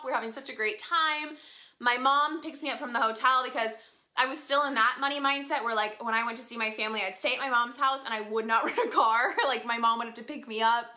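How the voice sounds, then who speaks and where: Young woman, bright, sharp tone, higher-pitched, chatty storyteller with lots of fillers and laughs. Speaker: vlogger. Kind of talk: casual storytelling to viewers.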